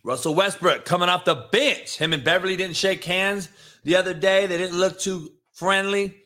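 A man's voice: sits high, moderate pace. A man hosting a sports talk show, ranting in a profane, combative and mocking way. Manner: profane, combative, mocking, swings from loud to hushed. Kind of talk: sports opinion rant.

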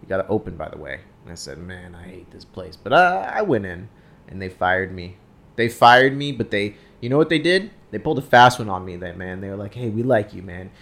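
A podcast co-host with a fairly low voice banters and cracks jokes. His talk is loose, slangy and full of swearing. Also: animated, a little fast, vocal fry, fairly bright tone. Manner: joking, profane, slangy. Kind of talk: casual banter.

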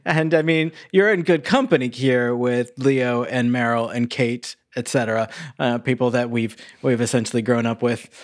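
A man with a mid-range voice co-hosts a casual movie review podcast. He chimes in with relaxed, joking asides and laughs easily. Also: medium pitch, moderate pace, few pauses. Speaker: podcast co-host.

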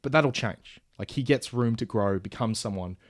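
A man lays out a film idea in relaxed conversation at a moderate pace. He wanders with many fillers and restarts, occasionally voicing characters' lines, and the recording is dry, clean studio sound.

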